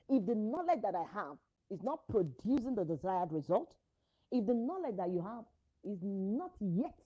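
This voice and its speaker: A woman's voice: mid-range voice, warm tone, slightly rough, dull audio. A woman giving an earnest motivational talk to parents as a parenting coach, repeating her phrases for emphasis.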